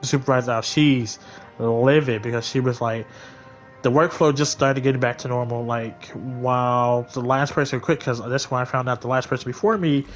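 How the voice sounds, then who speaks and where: Brief: average-pitched man, streamer, blunt and profane, rants while playing. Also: steady tone, normal speed, faint music behind. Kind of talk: casual storytelling while gaming.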